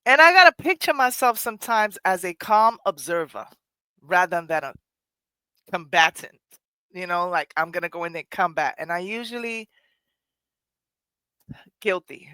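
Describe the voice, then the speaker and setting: A middle-aged woman hosts her own podcast, talking candidly and reflectively about personal matters, earnest and quick to laugh at herself. Her low voice has lively intonation and a pushed, bright, clear, resonant tone. The recording is dry and close, with no room sound.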